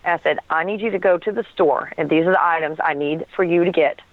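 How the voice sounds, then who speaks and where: A woman's voice: low voice, fast talker, dry recording. Woman telling her story over a phone line. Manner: animated storytelling with laughs and acted quotes. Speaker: guest.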